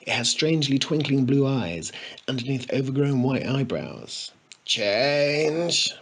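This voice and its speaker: A man narrating a comic story in a playful, expressive way. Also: mid-range voice, moderate pace, breathy edge. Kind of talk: storybook reading.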